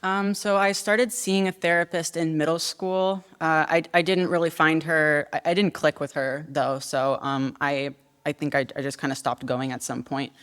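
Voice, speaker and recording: A woman in her twenties giving formal testimony at a hearing, earnest and measured, then answering questions with some hesitation. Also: sits low, steady tone, clear, resonant tone. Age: 20s. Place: legislative hearing room. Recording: long reverb of a hearing room.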